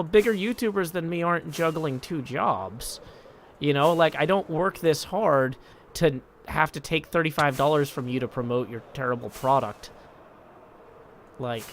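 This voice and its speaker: A man's voice: mid-range voice, a bit bright, slight background noise. Man, live streamer, casual chat, reads messages aloud, dry self-deprecating humor.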